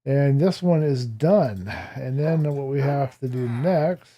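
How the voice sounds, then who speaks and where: A man's voice: mid-range voice, slow, dark tone, dull audio. A man streaming a building game, chatting casually to his viewers and to the game's characters and chuckling often. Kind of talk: casual gameplay commentary.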